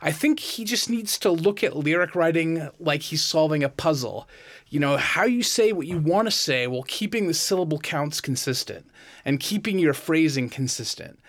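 A man's voice: a little high, expressive, moderate pace, fairly bright tone. A man co-hosting a casual discussion, methodically breaking down song lyrics and counting syllables aloud. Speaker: podcast co-host critiquing song lyrics.

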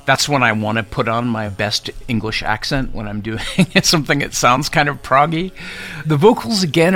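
A man's voice: medium pitch, a bit bright. A man co-hosting a podcast, chatting casually about songs and laughing at himself now and then. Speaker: podcast co-host reviewing songs. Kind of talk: casual chat.

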